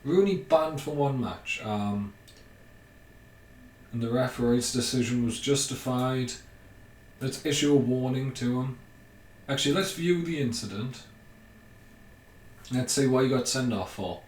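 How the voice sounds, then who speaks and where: A young man giving casual commentary over a video game he is playing, thinking aloud with ums and bursts of excitement. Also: medium pitch, unhurried, long pauses. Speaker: gaming YouTuber. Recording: roomy, mic at a distance, faint hiss.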